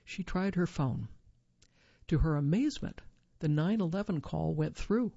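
A narrator reading a true survival story in a measured storytelling manner, lifting the quoted lines. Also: medium pitch, lively intonation, creaky, mellow, no echo, muffled recording.

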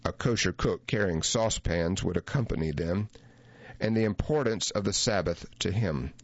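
Deep-voiced man narrating a reflective memoir. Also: no room sound, dull audio. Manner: measured, reflective first-person reading. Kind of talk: audiobook narration of a memoir essay.

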